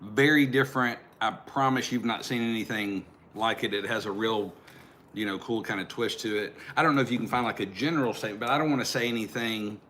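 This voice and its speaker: A middle-aged man co-hosting a casual talk show, relaxed and chuckling. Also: lowish voice, brisk, slight background noise. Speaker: co-host. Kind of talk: casual chat.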